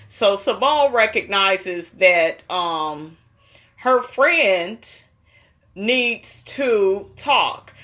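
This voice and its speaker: A woman's voice: a little high, pushed and bright. A woman giving a sassy, profane gossip recap of a reality show in a casual, slangy way.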